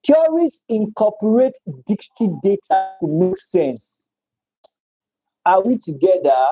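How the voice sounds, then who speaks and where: A man's voice: high-pitched, big pitch swings, slow pace, music in the background, poor audio. A man teaching a live-streamed economics lecture, repeating points and checking in with listeners. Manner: repetitive, checks in with "all right?".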